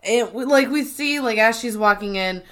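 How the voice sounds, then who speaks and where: A woman's voice: a little high, normal speed, a bit bright. A woman co-hosting a podcast in casual chat, recapping episodes and acting out quoted lines. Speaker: podcast co-host.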